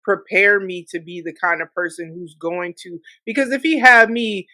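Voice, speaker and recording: Woman host, bright voice, casual reflective chat, dry sound. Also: lowish voice, normal speed, dry recording. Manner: thoughtful, reflective, with frequent filler phrases. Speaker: podcast host.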